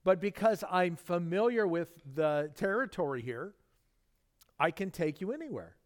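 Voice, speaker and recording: A man's voice: high-pitched, expressive, unhurried. A man preaching a casual, conversational sermon, telling anecdotes and acting out bits of dialogue. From Southern California. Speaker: pastor.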